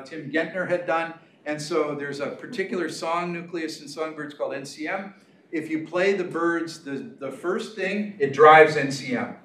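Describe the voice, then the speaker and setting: A man's voice: fairly high pitch, recorded from a distance. Chatty man lecturing in an echoey room. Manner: casual, chatty, many fillers and asides. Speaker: guest lecturer. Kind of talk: academic seminar talk.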